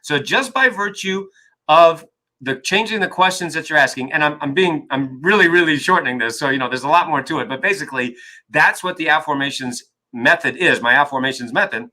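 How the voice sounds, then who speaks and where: A man's voice: on the high side, fairly quick, bright, forceful tone, low-quality recording. A man being interviewed as an author and coach, talking emphatically and often checking in with "right?". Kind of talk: energetic interview talk.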